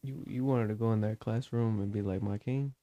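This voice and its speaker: A podcast co-host recounting a trip in a hesitant, low-key way. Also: fairly even intonation, fairly quick, dark tone, no echo, dull audio. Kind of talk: casual chat.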